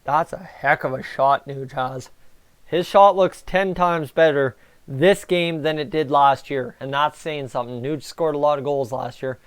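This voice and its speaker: A Canadian man hosting a live stream, giving excitable, chatty reaction commentary on a hockey game and talking to his viewers. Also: on the high side, a little slow, clear, resonant tone. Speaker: livestream host.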